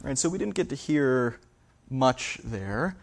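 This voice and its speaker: A man's voice: medium pitch, big pitch swings, unhurried, vocal fry. A man, a linguist, giving a public lecture in a theater, hesitant and full of fillers and restarts.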